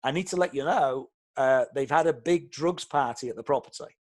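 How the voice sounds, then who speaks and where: A man's voice: medium pitch, moderate pace, darkish tone, close to an everyday voice. A man voicing a male fire brigade officer who breaks bad news in a matter-of-fact, hesitant way. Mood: grave.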